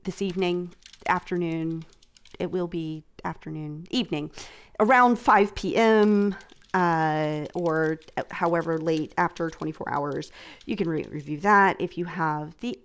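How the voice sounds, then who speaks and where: A woman hosting a live-streamed convention panel, talking in a loose, chatty way full of fillers and restarts. Her voice is smooth and clear, and she sits a little low for a woman. She keeps circling back to finish her thought. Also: unhurried. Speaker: panel host. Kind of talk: casual panel chat.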